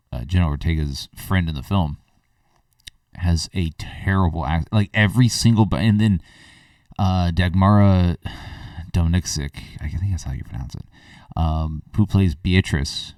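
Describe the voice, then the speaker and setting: Low voiced guy ranting about a movie, blunt and rambly, dry sound, mic a bit far off. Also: a little slow, pauses often, a little mellow, no room sound. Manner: blunt, rambling, frequent fillers and restarts. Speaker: film reviewer, podcast host. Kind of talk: casual spoken movie review.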